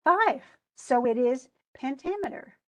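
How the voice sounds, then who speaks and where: A woman's voice: on the high side, normal speed. A woman teacher giving a casual, chatty lecture, often restarting and correcting herself as she explains. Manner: chatty, self-correcting, enthusiastic.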